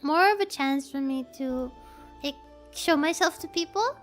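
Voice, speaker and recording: A woman's voice: high-pitched, measured pace, faint music behind. A woman from the Philippines, chatting casually on a stream as a VTuber. She is tired and half asleep, rambling playfully while reading chat aloud.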